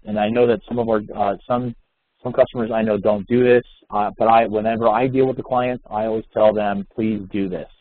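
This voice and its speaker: Low-voiced man on a tinny phone line. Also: dry recording. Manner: conversational, many fillers and restarts. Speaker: software consultant presenting a webinar. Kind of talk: live product demo walkthrough.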